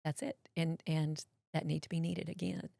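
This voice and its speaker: A woman, telling a personal story as an interview guest, folksy and animated, acting out what others said. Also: deep voice, moderate pace, vocal fry, dry recording. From Mississippi, US.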